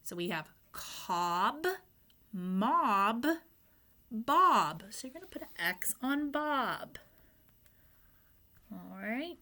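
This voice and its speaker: A woman teaching young children to read, spelling out letters one by one and sounding out each word. She talks at a slow, unhurried pace with a bright, forward tone. She prompts the children with gentle questions as she goes. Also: fairly high pitch, very animated. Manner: speaks to the children, asking questions and prompting answers. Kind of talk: phonics lesson for young children.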